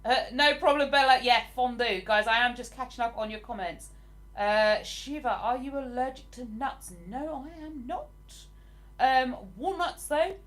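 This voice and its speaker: A woman's voice: high-pitched, a little slow, fairly bright tone. A young woman, chatting casually on a home live stream as she reads out viewer comments, rambling a little with plenty of ums. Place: at home in a living room.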